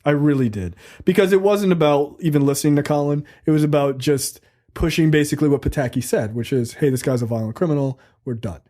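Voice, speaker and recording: A man's voice: on the high side, fast. Profane, joking man recapping a film. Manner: loose, profane, joking recap with animated quoting. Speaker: podcast host reviewing a film. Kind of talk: casual chat.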